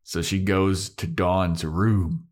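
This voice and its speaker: A young man co-hosting a podcast, casually retelling TV scenes with lively, swearing play-by-play. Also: low-pitched, takes it slowly. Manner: animated retelling with quoted character voices, swears freely. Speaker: podcast co-host. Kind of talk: casual recap chat.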